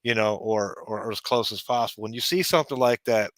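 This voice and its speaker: A man's voice: lowish voice, fast talker, no echo. A man in casual chat, rambling with lots of "you know" and restarts.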